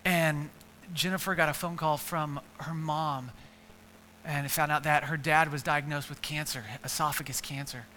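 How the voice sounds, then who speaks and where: Earnest guy preaching, high bright voice, big hall echo. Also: level tone, normal speed, a little hiss or hum. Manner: earnest, repeats words, builds to emphatic lists. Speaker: pastor. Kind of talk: sermon.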